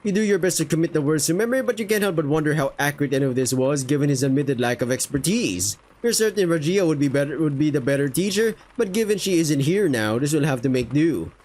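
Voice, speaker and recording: A man's voice: fairly high pitch, expressive, quick pace, hardly any pauses, a little mellow. Casual young man reading a game aloud. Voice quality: casual, swears in reactions. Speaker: visual novel player reading aloud.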